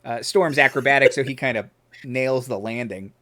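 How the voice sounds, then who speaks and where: A man's voice: medium pitch, normal speed, no room sound. Laid-back male game master. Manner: relaxed, laughing, trails off into fillers. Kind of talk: narrating a tabletop game.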